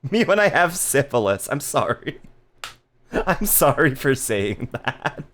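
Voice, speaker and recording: Animated, giggly live streamer. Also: medium pitch, slow. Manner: playful, giggly, crude joking. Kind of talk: casual live-stream chat with viewers.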